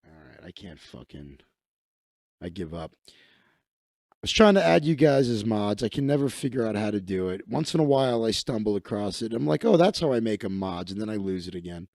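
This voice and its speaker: A man's voice: lowish voice, animated, fairly quick, vocal fry, a little mellow, no room sound, clean studio sound. A man hosting a casual comedic livestream, riffing crudely and sarcastically on news clips. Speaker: livestream host.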